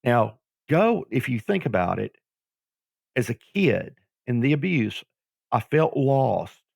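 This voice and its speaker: A middle-aged man from Georgia, a guest telling his life story in an animated way, acting out what people said. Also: medium pitch, takes it slowly, gravelly, no room sound, clean studio sound. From Georgia, USA. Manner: animated storyteller who acts out quoted voices. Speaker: guest, former pro wrestler. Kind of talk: storytelling interview.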